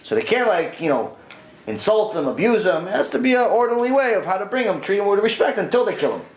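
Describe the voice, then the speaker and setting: A man, a rabbi, giving a storytelling lesson in an animated, conversational way. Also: high-pitched, fast talker. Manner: animated, conversational retelling with voiced quotes. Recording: echoey room.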